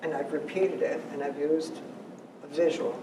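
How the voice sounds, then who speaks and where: Animated presenter, informal talk, roomy echo, clear background noise. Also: mid-range voice, moderate pace. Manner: animated, teasing, storytelling. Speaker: workshop presenter on working memory. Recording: echoey room, far mic, background noise.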